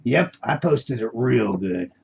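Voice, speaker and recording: A man's voice: mid-range voice, lively intonation, slow pace, creaky, darkish tone, a little hiss or hum, exaggerated voice. A man voicing a sarcastic male kidnapper in a red mask, taunting and scornful, on a dull lo-fi recording.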